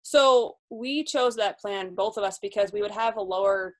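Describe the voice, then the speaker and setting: A woman in her twenties, a new physical therapist, talking candidly in a casual podcast interview. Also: medium pitch. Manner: candid, chatty, quick laughs.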